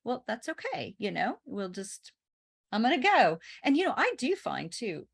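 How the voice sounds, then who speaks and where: A woman's voice: fairly high pitch, very animated, moderate pace, gravelly, slightly rough. A woman hosting a podcast, chatting casually and encouragingly with her guest. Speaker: podcast host. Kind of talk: casual interview chat.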